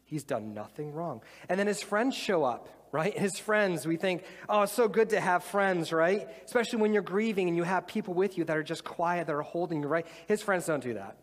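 A man's voice: on the high side, expressive, fairly quick, few pauses. A man preaching a sermon to a live congregation, conversational and enthusiastic. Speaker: pastor. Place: church with audience. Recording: reverberant church hall.

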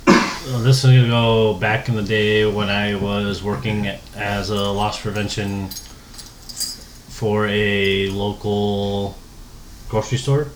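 A man starting his own work story in casual chat, relaxed and teasing. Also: fairly low pitch, slow pace, reverberant, slight background noise.

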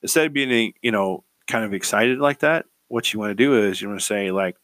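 A man's voice: on the low side, normal speed, fairly bright tone, no echo. A man giving casual career advice in a rambling way, repeating words and checking in with "right?".

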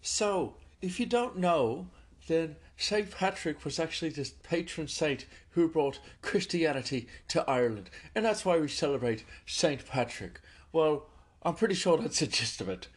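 A man doing a jolly, overdone put-on Irish voice, sing-song and pitched high, on a phone headphone mic. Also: lively intonation, unhurried, slightly rough. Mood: hammy, jolly.

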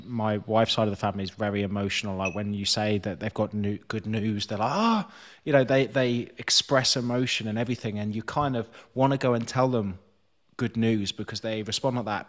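A man talking thoughtfully and self-deprecatingly as a podcast guest, with casual swearing. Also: fairly low pitch. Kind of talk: candid conversational podcast talk.

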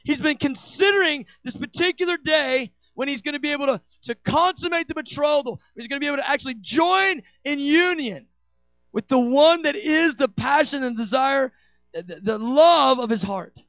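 A man preaching an impassioned sermon, his voice sitting very high for a man. He swings between hushed lows and loud bursts as he acts out dialogue. The sound is dry and close, with no room echo. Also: lively intonation, moderate pace, soft background music. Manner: impassioned, acts out quoted dialogue with big swings in pitch and loudness.

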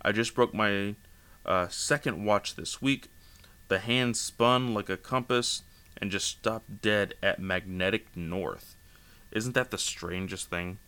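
A man's voice: on the low side, slow pace, sharp tone, clear, resonant tone. A man reading out the lines of a polite, sly male mutant villain in a near-everyday voice. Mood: feigned innocence.

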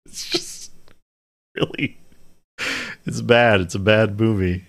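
A man's voice: on the low side, steady tone, slow pace, gravelly, long pauses, a bit bright. A man co-hosting a podcast, casually and animatedly discussing a movie with friends and laughing often. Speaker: podcast co-host.

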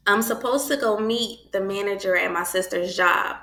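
A middle-aged woman casually telling a personal faith story, animated and acting out the voices of the people in it. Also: medium pitch, normal speed, roomy sound. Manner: animated, acts out quoted voices.

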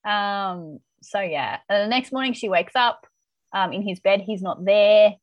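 Woman, casual chat, animated recap, dry close sound. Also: medium pitch, a little slow, no room sound, rough recording. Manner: chatty, animated retelling with laughs. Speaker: podcast co-host recapping a TV episode.

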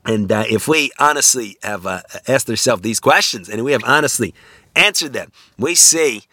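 A bright-voiced man lecturing on ethics. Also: mid-range voice, lively intonation, moderate pace, dry recording, studio quality. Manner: conversational, many restarts, frequent "right?" tag questions.

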